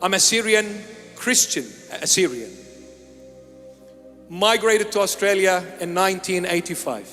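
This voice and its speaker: A bishop from Iraq preaching a sermon, solemn and emphatic, delivering short measured lines and repeating key phrases. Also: male voice, high-pitched, sharp tone. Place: large church. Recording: long church reverb with faint music.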